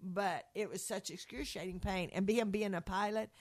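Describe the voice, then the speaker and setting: A woman's voice: medium pitch, fairly even intonation, moderate pace. A woman telling a religious testimony story to a group in an earnest, rambling conversational way, with frequent restarts. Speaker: speaker sharing a faith testimony.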